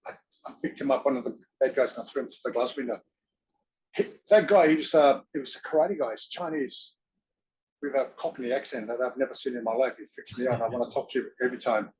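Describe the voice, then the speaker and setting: A man as an interview guest, telling stories in an animated way, often laughing and acting out voices. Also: mid-range voice, fast talker, highs cut off, slight background noise. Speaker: interview guest, wrestler and actor. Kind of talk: casual storytelling.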